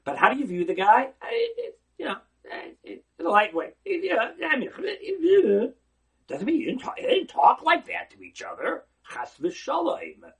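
Animated rabbi a husky voice. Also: male voice, high voice, brisk. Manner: animated, acting out quoted voices, rhetorical questions. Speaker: rabbi giving a short Torah talk. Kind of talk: animated sermon-style lesson.

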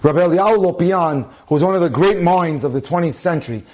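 Male rabbi, fairly high-pitched, giving a Torah class on relationships in an emphatic style. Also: quick pace, darkish tone. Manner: emphatic, repeats phrases for stress, drops in Hebrew terms. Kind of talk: relationship lecture.

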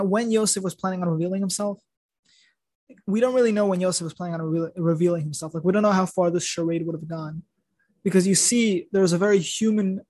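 High-voiced man retelling a Torah story. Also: a little mellow, no echo. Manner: rambling, many restarts and fillers. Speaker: podcast host.

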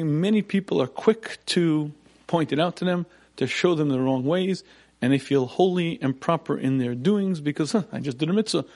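A man giving a Torah lecture as a rabbi, clearing his throat often and repeating points for emphasis. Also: fairly high pitch, darkish tone.

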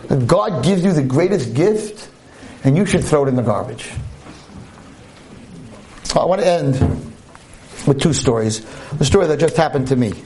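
A man's voice: a little high, animated, moderate pace, pauses often, mellow, slight background noise. A man giving a storytelling holiday sermon, humorous and preachy by turns. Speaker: speaker at a holiday talk.

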